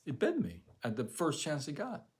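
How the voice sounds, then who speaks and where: A man hosting a live stream, telling a story casually in a rambling, animated way, full of fillers and restarts. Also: on the high side, normal speed.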